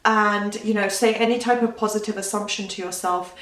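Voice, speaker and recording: A woman's voice: medium pitch, steady tone, a little fast, fairly bright tone. A young woman speaks straight to her viewers as a coach, earnest and emphatic as she drives home her point. She sits a little back from the microphone, and the room around her rings with noticeable echo. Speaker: manifestation coach. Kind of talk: casual talk to camera. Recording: roomy, slightly distant mic.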